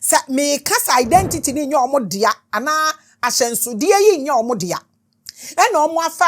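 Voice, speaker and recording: A middle-aged Ghanaian woman hosting a spiritual talk show, speaking in an impassioned, repetitive, declaiming way. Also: sits high. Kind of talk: spiritual talk mixing English and Twi.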